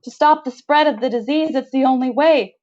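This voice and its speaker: A woman's voice: high-pitched, fairly quick, a little mellow, voice pushed up, close to an everyday voice. A woman voicing a male office worker who pleads urgently and insistently, heard on a slightly dull lo-fi recording.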